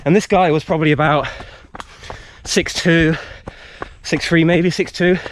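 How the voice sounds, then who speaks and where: A man's voice: a little high, unhurried, a little hiss or hum. A man vlogging outdoors in a wood, telling a story casually with lots of fillers, a little tired from running. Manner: rambling, animated retelling with frequent fillers.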